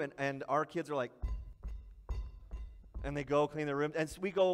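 A man's voice: a little high, normal speed, a bit bright, big-room sound, faint music behind. A male pastor preaching a sermon in a conversational way, acting out short asides.

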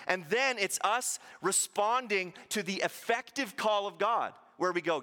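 A male pastor preaches with animated energy, slipping into the voices of the people he quotes. His voice sits high and sounds bright and forceful. A long hall reverb trails each phrase. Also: unhurried, few pauses. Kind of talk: sermon.

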